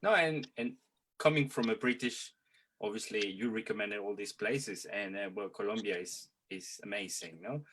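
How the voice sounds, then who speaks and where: Eager co-host, halting english. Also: male voice, lowish voice, fairly bright tone. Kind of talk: interview hosting.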